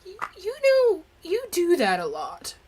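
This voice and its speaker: A woman's voice: extremely high pitch, huge pitch swings, measured pace, a little mellow. A woman player in a casual tabletop game, teasing and rambling.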